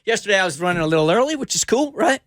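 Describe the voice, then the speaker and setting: A man's voice: sits high, very animated, rapid-fire, dry recording, studio quality. A middle-aged man hosting a radio show, telling a story in a casual, playful way that builds suspense. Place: radio studio. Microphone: studio mic.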